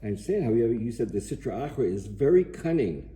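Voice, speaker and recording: A man's voice: medium pitch, very animated, fast talker, warm tone. A man in a class, frankly asking his teacher hard questions. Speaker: student in the class.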